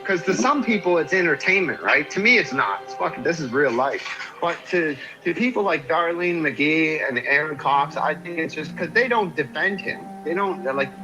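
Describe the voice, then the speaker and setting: A man's voice: on the high side, animated, normal speed, lo-fi sound, over music. A man ranting casually on a livestream, swearing and griping about online rivals. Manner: ranting, profane, conversational.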